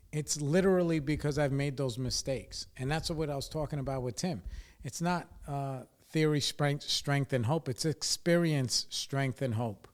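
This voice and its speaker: A middle-aged man of Puerto Rican background, hosting a podcast in a rambling, profane, self-deprecating casual monologue. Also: mid-range voice. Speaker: podcast host.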